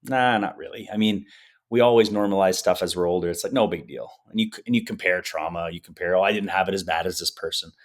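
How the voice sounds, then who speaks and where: Guy on a podcast telling personal stories, earnest and emotional, lowish voice. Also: fast. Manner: earnest, emotional storytelling, acts out quotes. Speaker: guest, hypnotherapist. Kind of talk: conversational interview storytelling.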